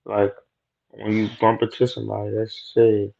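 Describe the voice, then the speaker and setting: A man's voice: on the low side, completely flat delivery, moderate pace, vocal fry, mellow. A young man telling a rambling, profane story about a workplace run-in in a loose, slangy way. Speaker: vlogger telling a work story. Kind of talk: casual storytelling monologue. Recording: dull lo-fi audio.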